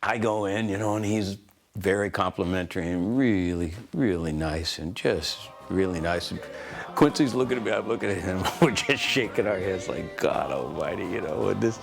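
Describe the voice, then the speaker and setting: Older guy, low gravelly voice, animated storytelling with lots of you know, music underneath. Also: normal speed. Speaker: composer telling a story. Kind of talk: anecdotal interview.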